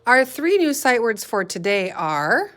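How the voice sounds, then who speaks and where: A woman's voice: fairly high pitch, very animated, a little slow, a bit bright. A woman teacher leading a guided reading lesson for young children, patiently sounding out letters and words.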